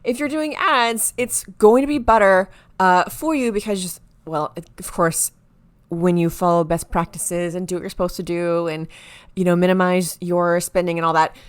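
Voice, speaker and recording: Excitable woman explaining marketing tips. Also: lowish voice, normal speed, clean tone. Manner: excitable, stumbles over words when excited. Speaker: marketing video host. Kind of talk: enthusiastic to-camera explainer.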